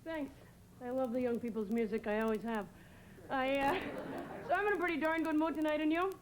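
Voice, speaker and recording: A young woman from New England doing a deadpan stand-up set, hesitating with many "uh"s. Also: high voice, a little fast. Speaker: stand-up comedian. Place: TV studio stage before a live audience. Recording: loud audience laughter and noise.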